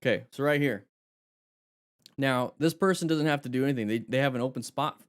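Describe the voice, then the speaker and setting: Male riding instructor on a live stream, energetic, short of breath. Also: medium pitch, brisk. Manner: energetic, talks to viewers directly.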